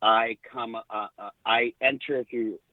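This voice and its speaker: A middle-aged man, a podcast guest, telling lively backstage stories with quoted dialogue. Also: mid-range voice, takes it slowly, no room sound. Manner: animated anecdotes with quoted dialogue. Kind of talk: casual storytelling. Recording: tinny phone-like line.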